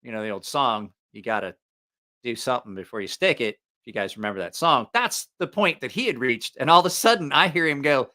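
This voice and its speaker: A man's voice: medium pitch, lively intonation, a little fast, bright, forceful tone. A man hosting a live stream, telling a rambling, profane story in a casual way and laughing at his own jokes.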